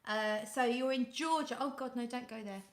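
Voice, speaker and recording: A woman's voice: a little high, moderate pace, echoey room. A British woman hosting a casual fragrance live stream, greeting viewers by name and reading out their comments. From United Kingdom. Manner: coos softly when talking to her cat. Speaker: fragrance livestream host. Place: home room.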